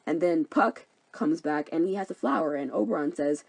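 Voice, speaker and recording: A woman's voice: deep voice, moderate pace, vocal fry, breathy edge, no echo, rough recording. A young woman narrating a comedic story summary in a flippant, slangy way.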